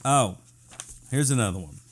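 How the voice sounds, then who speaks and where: A man's voice: mid-range voice, animated, normal speed, breathy edge. A man hosting a casual live-stream talk show, sarcastic and wisecracking, reading out viewer comments.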